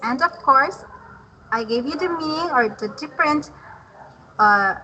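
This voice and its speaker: A woman teaching an English lesson online, patient and encouraging, speaking slowly and clearly. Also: sits high, lively intonation, pushed and bright, slight background noise, low-quality recording.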